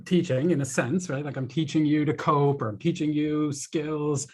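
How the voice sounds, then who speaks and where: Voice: medium pitch, fairly even intonation, normal speed. Rambling interviewer on a video call. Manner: rambling, thinks aloud with fillers and asides. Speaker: host. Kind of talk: conversational interview questions.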